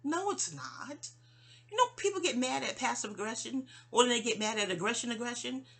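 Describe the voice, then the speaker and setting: Woman, from New York, husky breathy voice, rambling digressive monologue to her mother, frequent restarts, soft near-whisper drops. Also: on the high side, animated, a little fast. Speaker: vlogger.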